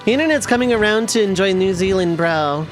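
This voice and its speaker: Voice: mid-range voice, animated, a little fast, faint music behind. A streamer chatting casually with viewers while playing, rambling and self-amused. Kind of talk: casual live-stream chat while gaming.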